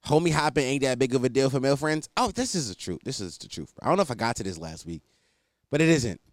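A man's voice: medium pitch, expressive, fast talker, no echo, studio quality. A young man hosting a solo podcast, rambling casually with lots of swearing and self-deprecating asides. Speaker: podcast host.

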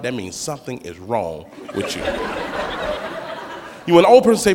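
A man doing a stand-up comedy routine, telling slangy, animated stories and acting out the characters. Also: high-pitched, quick pace. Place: comedy stage before a live audience. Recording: live club hall with crowd noise. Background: audience laughter.

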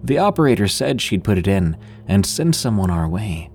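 A man narrating a first-person work story in a steady, scripted storytelling delivery. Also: on the low side, moderate pace, faint music behind. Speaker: podcast narrator.

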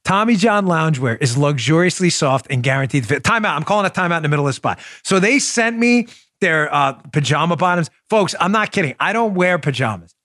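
Middle-aged guy hosting his own talk show, punchy and jokey, kinda high voice, super dry close mic. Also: animated, a little fast, a bit bright, no echo. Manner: emphatic, jokey, riffs and does mock voices. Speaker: podcast host. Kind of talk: animated political commentary and sponsor reads.

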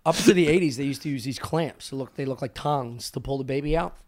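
A man hosting a casual comedy podcast, telling loud, rambling stories with lots of laughter and swearing. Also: medium pitch, fast. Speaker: podcast host.

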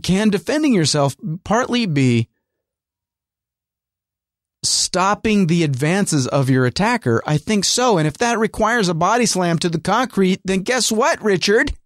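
A man's voice: high voice, animated, a little slow, no room sound, studio quality. A man hosting a casual solo rant, rambling and sarcastic, full of fillers and restarts. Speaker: podcast host and working actor.

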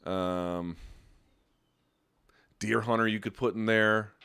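Podcast guy rambling and swearing a lot, lowish voice, loose chatty storytelling. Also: slow pace, vocal fry, clear, resonant tone. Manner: profane, rambling, animated. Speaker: podcast host. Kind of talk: casual chat and storytelling.

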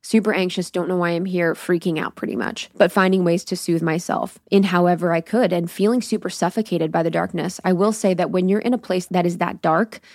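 A woman's voice: on the low side, fairly even intonation, a little fast, few pauses, darkish tone, dry recording, studio quality. A woman hosting her own podcast alone, telling a personal story candidly and with swearing, and acting out her own thoughts as she goes. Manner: acts out her own inner dialogue. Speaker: podcast host. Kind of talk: solo podcast recap.

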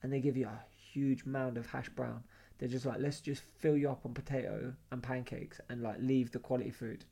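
A man with a London accent, co-hosting a podcast, telling animated, slangy travel stories in casual chat. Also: mid-range voice, moderate pace, vocal fry, breathy edge. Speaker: podcast co-host.

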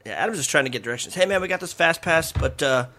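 A man in casual chat, chiming into a shared story with quick interjections. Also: fairly high pitch, animated, bright, forceful tone.

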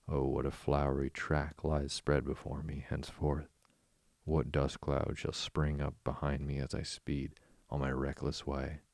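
A man's voice: extremely low pitch, vocal fry, mellow, no echo, heavily acted. A man voicing a boastful, giddy male toad who murmurs in a dreamy, rapturous way.

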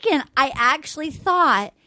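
Woman, podcast co-host, high voice, excitable, laughs a lot, dry sound. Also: no room sound. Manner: excitable, laughs often, quick asides. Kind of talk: casual chat recapping a reality show.

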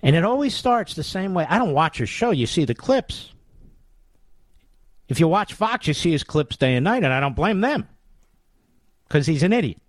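A man's voice: on the high side, very animated, normal speed, long pauses, dry recording, clean studio sound. A man hosting a political talk radio show, delivering a combative, sarcastic monologue.

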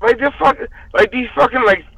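A man's voice: extremely high pitch, fairly quick, gravelly, bright, forceful tone, muffled recording. A man on a casual podcast, drunk and heated, ranting with constant profanity. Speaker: podcast guest.

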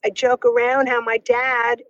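A woman's voice: fairly high pitch, flat delivery, unhurried, no echo, highs cut off. A woman, a comedian, chatting in an interview in a jokey way. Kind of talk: casual interview.

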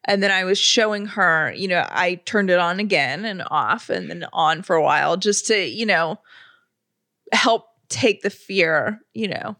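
A woman's voice: fairly low pitch, a little slow, pushed and bright. Woman in her 30s cohosting a podcast, gushy and emotional, casual chat. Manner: gushing, emotional storytelling. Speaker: podcast co-host.

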